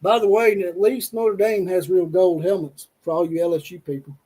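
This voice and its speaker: A man with a drawl runs a casual college football stream. His voice sits noticeably high, and he keeps up a steady stream of jokes and playful jabs at rival fans. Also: moderate pace, poor audio. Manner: joking, teasing, trash-talking. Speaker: show host. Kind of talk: casual sports talk stream.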